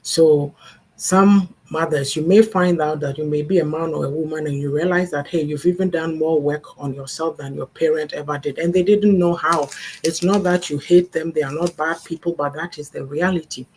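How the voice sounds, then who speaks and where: A woman's voice: low voice, steady tone, normal speed, a little mellow, slight background noise. An older woman, hosting a livestream talk on family and faith, earnest and advising. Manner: earnest, advising, acts out parents' sayings. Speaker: host.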